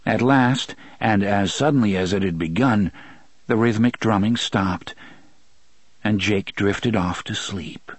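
A man reading a novel aloud in steady, measured storytelling narration. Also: on the low side, slightly rough, no echo. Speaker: audiobook narrator. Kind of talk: scripted narration.

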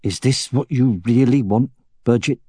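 A man voicing a grim young man in an audiobook, speaking low and measured. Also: warm tone, husky, dry recording, studio quality. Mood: cold.

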